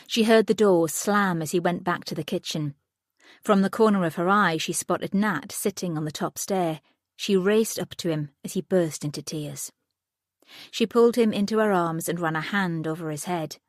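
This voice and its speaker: A woman reads an audiobook thriller in a steady, even manner. Her voice sits low, and the dry studio sound keeps her close to the mic. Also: normal speed, no echo. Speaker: audiobook narrator. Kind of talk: scripted narration.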